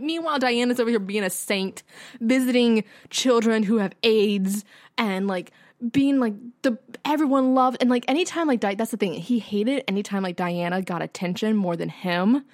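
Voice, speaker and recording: A woman's voice: on the high side, moderate pace, darkish tone, no echo, clean studio sound. A young woman co-hosting a podcast, chatting casually with lots of "like" fillers and frequent swearing. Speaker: podcast co-host. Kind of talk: casual chat.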